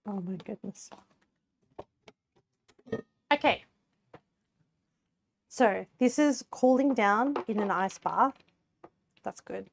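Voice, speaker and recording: A woman's voice: medium pitch, animated, slow pace, vocal fry, pauses often, slight background noise. A young woman chatting casually with her live-stream viewers as she cooks, giggling often between chatty, rambling remarks. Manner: chatty, giggly, laughs often, many fillers. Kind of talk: casual live-stream chat while cooking.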